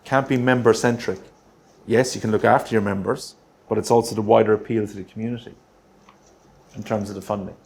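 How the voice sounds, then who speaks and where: Energetic man presenting a workshop. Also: on the low side, fairly quick, creaky, long pauses. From Australia. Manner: energetic, punchy, checks in with the room with "all right?" and rhetorical questions. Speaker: grant writing workshop presenter.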